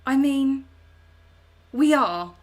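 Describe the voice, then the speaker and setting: A woman's voice: high-pitched, lively intonation, drawn-out words. A woman in her thirties with a London accent, hosting a chatty live stream and reading out viewer comments with affectionate pet names. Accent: London English. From South London, England. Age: 30s. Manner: chatty and affectionate, calls viewers babe and darling. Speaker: host.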